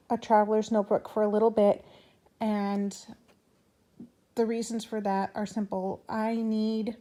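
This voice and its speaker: Chatty woman with a mellow, higher voice. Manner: chatty, rambling with fillers and restarts. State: out of breath and hiccuping. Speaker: planner vlogger. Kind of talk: casual chat.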